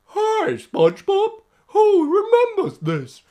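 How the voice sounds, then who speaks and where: A goofy high cartoon starfish. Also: male voice, huge pitch swings, heavily acted. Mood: dopey. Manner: very high, slow, bright shouting voice.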